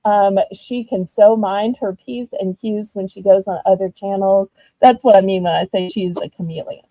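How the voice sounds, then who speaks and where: A woman with a Southern US accent, chatting casually while running a live-stream auction, animated and full of ums. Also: medium pitch, normal speed, dry recording, poor audio.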